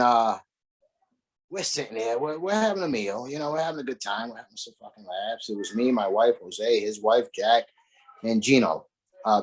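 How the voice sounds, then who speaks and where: A man who is a former wrestler, telling profane stories in a casual interview with an animated, laughing manner. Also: mid-range voice, husky.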